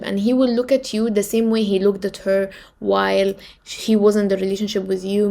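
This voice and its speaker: A woman's voice: medium pitch, warm tone. A woman reacting with emphatic, repetitive relationship advice aimed at young listeners. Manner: preachy, emphatic, repeats advice. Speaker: commentator. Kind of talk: advice commentary.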